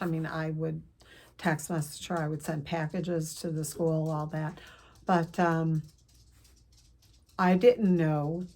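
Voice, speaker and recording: An older woman telling a personal family story to camera, earnest and emotional, with pauses and restarts. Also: lowish voice, a little mellow. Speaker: counselor vlogger.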